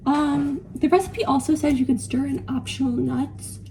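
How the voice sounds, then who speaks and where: A woman's voice: sits high, steady tone, moderate pace, creaky, background noise. A young woman in her twenties chatting casually in her home kitchen while she bakes, rambling and laughing at herself. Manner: rambling, self-deprecating, laughs often. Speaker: vlogger. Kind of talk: casual chatty baking vlog.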